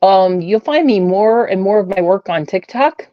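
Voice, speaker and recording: A woman guest telling her experiences in a casual, rambling way, full of fillers and animated retellings. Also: medium pitch, normal speed, no echo, dull audio. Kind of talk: casual storytelling on a call-in show.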